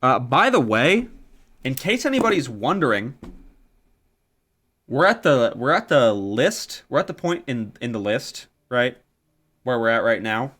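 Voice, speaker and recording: A man's voice: medium pitch, sing-song, measured pace, pauses often, a bit bright. A man in his twenties chatting casually while streaming a game, rambling and swearing offhandedly. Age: 20s. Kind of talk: casual live-stream gaming chat.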